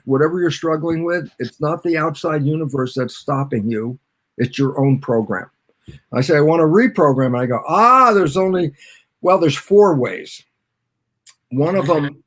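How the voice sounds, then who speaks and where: An older man, a guest biologist, explaining ideas with animated, acted-out back-and-forth dialogues and sudden exclamations. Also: a little high. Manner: acts out both sides of imagined dialogues, exclamations.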